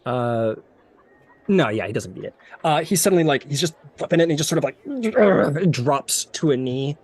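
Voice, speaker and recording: A man's voice: fairly high pitch, expressive, moderate pace, a little mellow. A young man narrating a tabletop game as game master, loose and full of fillers.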